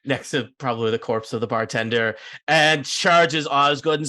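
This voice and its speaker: A man running a tabletop game as dungeon master, chatty and laughing, with halting fillers. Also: mid-range voice, pushed and bright.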